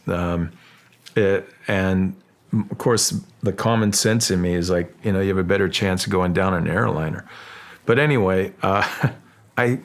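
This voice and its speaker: A man speaking as a guest in an interview, halting and restarting, then animated when telling stories. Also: low voice. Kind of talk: casual interview talk.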